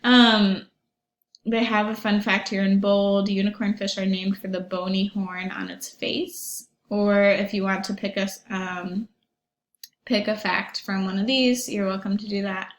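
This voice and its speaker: A woman's voice: mid-range voice, fairly even intonation, unhurried. A young woman teacher talking her class through a website in a recorded online lesson, chatty and upbeat with lots of ums and little asides to the pupils. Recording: echoey room.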